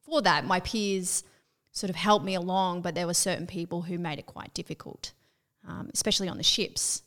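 A woman's voice: on the low side, moderate pace, fairly bright tone. A woman host and former sailor, speaking candidly and often searching for her words. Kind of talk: conversational interview.

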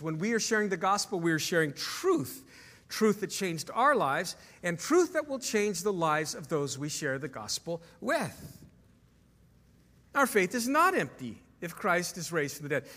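A man's voice: sits high, sharp tone, long reverb tail. A man preaching a sermon as pastor to his congregation, emphatic, asking the room questions. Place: church sanctuary.

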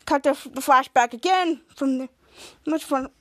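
High-voiced woman recapping a show. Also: fast. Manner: rambling retelling, quoting characters with small voice shifts and bits of sung melody. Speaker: podcast host. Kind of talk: casual episode recap.

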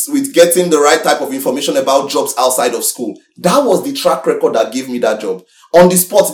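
Animated young preacher man. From Nigeria. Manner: animated, exhorting, with sudden swings in pitch and loudness. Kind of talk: sermon. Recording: roomy echo, mic from far off.

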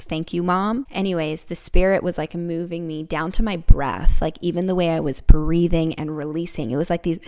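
Chatty young woman host, smooth low voice. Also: a little mellow. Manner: chatty, repeats words, many "like" fillers. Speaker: podcast host. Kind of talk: casual personal storytelling.

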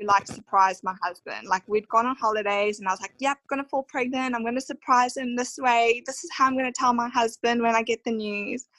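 A woman's voice: a little high, bright, forceful tone, no room sound, low-quality recording. Emotional Australian woman, dry close sound. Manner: emotional, heartfelt, many fillers. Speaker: podcast guest. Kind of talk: conversational storytelling interview.

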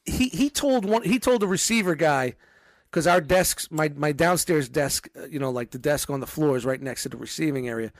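This store department manager has a slightly high voice and talks at a moderate pace, with no echo. In casual conversation he swears his way through stories, performing the quoted lines himself.

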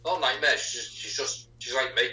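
A man joins a casual chat over a remote call and talks fast, rambling along and checking in with "you know what I mean" again and again. His voice is sharp and rather low-pitched, and it comes across roomy and set back from the mic. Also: recorded from a distance. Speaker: podcast guest.

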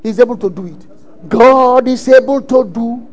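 A man preaching a sermon, emphatic and often shouting lines as he acts out quotes. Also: very high-pitched, moderate pace, creaky.

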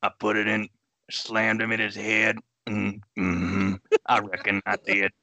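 A man puts on a slow, drawling rural man who mumbles mm-hmm between his words. The voice is low and pressed bright, recorded dry and close. His phrases stretch out lazily. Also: completely flat delivery, no echo, exaggerated voice.

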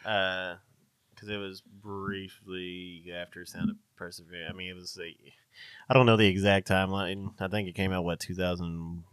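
Deep smooth voice, young guy, loose chat, swears a lot, dry room. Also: level tone, normal speed, fairly bright tone, no room sound. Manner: loose, swears freely, laughs often. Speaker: podcast co-host, metal musician. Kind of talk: casual chat.

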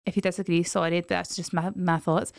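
A Scottish woman co-hosting a casual podcast chat, telling stories with animated energy. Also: fairly low pitch, fast, creaky, smooth, no echo, clean studio sound. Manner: animated storyteller. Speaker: podcast co-host.

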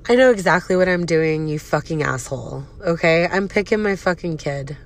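A woman's voice: lowish voice, lively intonation, normal speed. A woman in her thirties with an emotional, profane, venting manner, hosting a casual personal podcast. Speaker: podcast host.

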